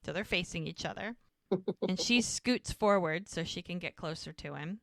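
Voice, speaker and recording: A woman with a lowish voice, chatting casually on a podcast as she recaps a show scene by scene. She recorded close and dry, with hardly any room sound. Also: moderate pace, vocal fry, no echo. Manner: retells scenes with quoted dialogue. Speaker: podcast co-host.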